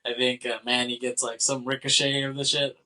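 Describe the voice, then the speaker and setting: A man's voice: medium pitch, level tone, fairly quick, sharp tone, low-quality recording. A man co-hosting a film podcast, casually retelling scenes with lots of fillers, laughter and quoted lines. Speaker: podcast co-host.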